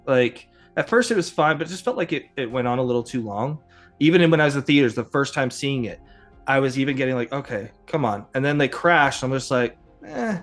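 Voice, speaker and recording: A man's voice: medium pitch, fairly bright tone. A man hosting a casual podcast, rambling with lots of fillers and chuckles. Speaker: podcast host. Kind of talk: casual chat.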